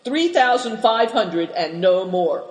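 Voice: medium pitch, expressive, slow pace. A reader voicing a sly male dealer who whines and haggles in an injured tone in a storybook. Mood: complaining. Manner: wheedling, sly, complaining. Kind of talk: storybook reading. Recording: roomy hall with long reverb.

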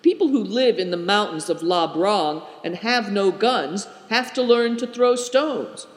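A man reads a weathered former soldier, earnest and modest, his voice set fairly high with plenty of rise and fall. The storybook reading rings through a roomy space with a long reverb tail. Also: lively intonation, unhurried. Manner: earnest and apologetic.

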